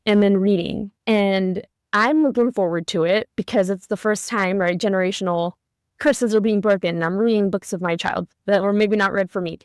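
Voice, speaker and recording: A woman in her thirties, a therapist co-hosting a podcast, telling a parenting story in an animated way and acting out the lines she quotes. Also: medium pitch, dry recording, studio quality. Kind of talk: conversational podcast discussion.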